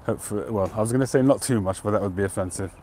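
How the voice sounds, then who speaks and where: A man hosting a live stream outdoors, chatting to viewers in a relaxed, rambling way and greeting them by name. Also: lowish voice, very fast. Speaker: pipe-smoking livestream host. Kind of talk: casual live-stream chat.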